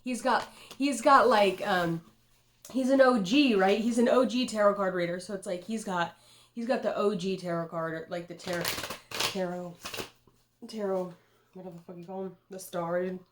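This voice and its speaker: A woman's voice: mid-range voice, normal speed, heavy background noise. Rambling, profane young woman tarot reader. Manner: rambling and profane, says "dude" a lot. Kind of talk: casual rambling tarot vlog.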